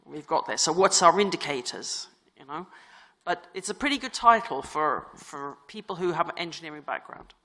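A woman's voice: low-pitched, lively intonation, moderate pace, pushed and bright. A woman giving a conference talk in a chatty, self-deprecating way, with many fillers and restarts. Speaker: conference speaker. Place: conference hall. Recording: reverberant conference hall.

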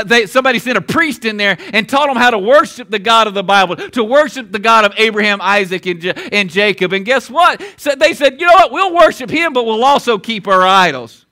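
A man preaching a sermon in a church, his voice pitched high and bright. He hammers points home by repeating them, swinging from forceful emphasis down to quiet intensity. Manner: emphatic preaching with repeated lines and sharp drops in volume. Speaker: pastor. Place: church auditorium.

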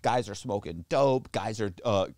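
A man as a podcast guest, telling stories in casual chat, profane and animated, and he mimics other people in the story with high squeals and low mutters. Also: unhurried, no room sound, clean studio sound.

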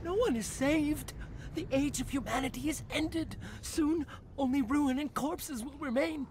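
A woman's voice: high voice, unhurried, darkish tone, a little hiss or hum. A woman voicing an unstable scientist who rants grim prophecies of doom in a video game. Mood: doom-laden. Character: unhinged doomsaying male scientist.

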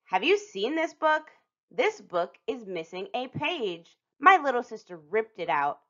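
A woman reading a picture book aloud to children as a storytime host, expressive and lingering on some phrases with dramatic pauses. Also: fairly high pitch. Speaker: storytime reader. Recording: dull lo-fi recording.

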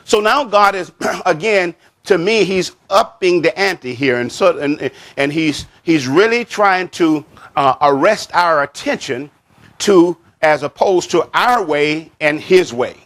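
Slow, emphatic preaching pastor, a man. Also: expressive, a bit bright. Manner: repeats and stresses key words, stretching scripture phrases slowly; drops pitch and volume at the end of a point. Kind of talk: sermon.

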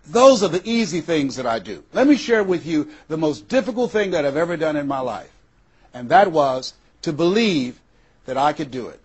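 Older American male motivational speaker, husky and slightly high-pitched, dramatic pauses, acts out quotes. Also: sing-song, darkish tone. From USA. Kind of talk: motivational speech.

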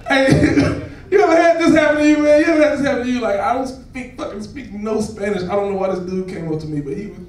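A man performing a profane stand-up comedy set on a club stage, laughing and shouting as he tells stories. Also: very high-pitched, fast. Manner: loud, laughing, profane storytelling to a crowd. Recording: echoey club recorded from far off.

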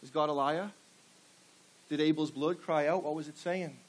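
A man's voice: on the high side, steady tone, moderate pace, rough recording. A man preaching a sermon to a congregation, firing rhetorical questions and pushing for call-and-response answers. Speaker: pastor. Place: church before a live congregation.

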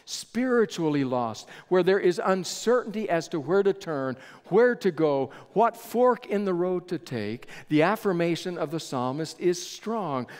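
A male pastor delivers a sermon, telling a story in an unhurried, measured way and leaning on dramatic pauses. His voice sits fairly high for a man and moves very slowly. The sound rings with the long reverb of a large church hall. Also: darkish tone.

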